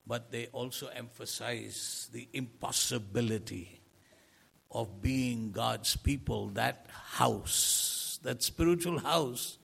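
Gravelly, husky male preacher, slow sermon. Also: mid-range voice, fairly bright tone. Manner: earnest, rhetorical questions, swelling emphasis.

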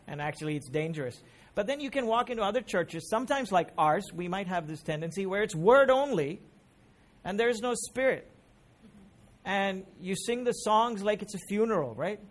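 A middle-aged man preaching a sermon as pastor, emphatic, with rising questions put to the congregation. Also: high-pitched.

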